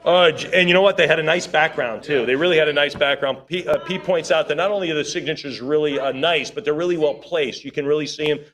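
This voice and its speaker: A male auctioneer calls a live sale in a quick, rhythmic chant of rising numbers. He breaks off now and then for easygoing, chatty remarks. His voice sits a little on the higher side. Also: fairly bright tone. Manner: rapid rhythmic bid calling with chatty asides.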